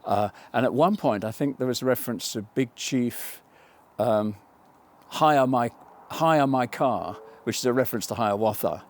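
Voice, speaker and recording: A man's voice: mid-range voice, normal speed, a little mellow. An older man from England, a film writer, talking thoughtfully in a documentary interview, wandering off on tangents and correcting himself. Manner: thoughtful, digressive, with self-corrections.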